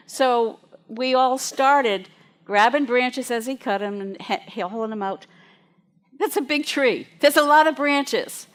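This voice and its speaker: A woman minister preaches to her congregation with a slightly high voice. She tells stories in a chatty, lively way and often laughs along the way. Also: slow. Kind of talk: storytelling sermon to a congregation.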